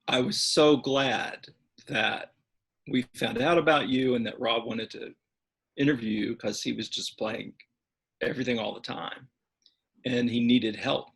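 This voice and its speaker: A man who directs a church's music, chatting warmly as an interview guest and gently poking fun at himself. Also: medium pitch, steady tone, a little slow, vocal fry, slightly rough. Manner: warm, chatty, self-deprecating. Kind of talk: casual interview chat.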